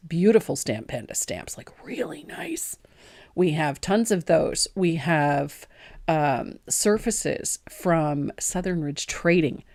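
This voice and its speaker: A woman hosting a live painting tutorial, chatty and quick to laugh, poking fun at herself as she explains each step. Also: low voice, darkish tone. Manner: chatty, laughs easily, self-deprecating. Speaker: host and painting teacher.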